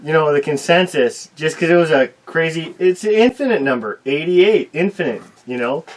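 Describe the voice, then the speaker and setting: Animated storytelling man, co-host. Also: a little high, normal speed, rough recording. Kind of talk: casual chat.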